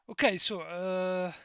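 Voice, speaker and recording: A man's voice: high voice, fairly bright tone, smooth, no room sound, studio quality. A man with an Italian accent chatting casually on a live stream, rambling, digressing and laughing often. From Italy.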